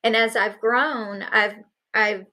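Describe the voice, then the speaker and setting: A woman's voice: mid-range voice, steady tone, slow pace, bright, forceful tone. A middle-aged woman giving an earnest personal testimony at a summit, acting out the voices of the people in her story. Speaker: summit speaker.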